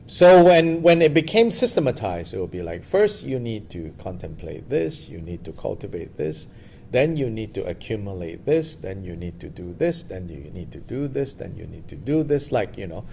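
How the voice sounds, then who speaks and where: A man's voice: on the low side, very animated, normal speed, vocal fry, dark tone, a little hiss or hum. A man giving a loose, storytelling dharma talk as a meditation teacher at a retreat. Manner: loose, storytelling, many fillers.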